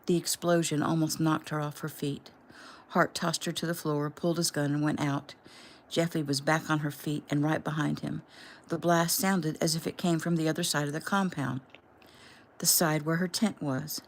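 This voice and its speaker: A woman casually reading her own novel aloud at home in a plain, unhurried way. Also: deep voice, steady tone. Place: home room.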